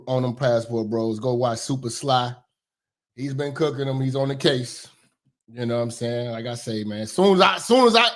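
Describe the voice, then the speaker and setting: A man from hosting a casual commentary livestream, slangy and profane, swinging between loud shouting and low muttering and repeating phrases for emphasis. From Chicago. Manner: profane, slangy street talk. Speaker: commentary show host.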